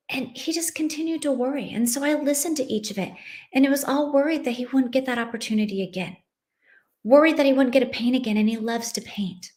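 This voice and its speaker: A woman's voice: sits high, a little fast, a little mellow. Heartfelt woman in her late thirties. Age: late 30s. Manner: heartfelt, conversational, many "you know"s. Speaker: podcast host, mother. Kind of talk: personal storytelling.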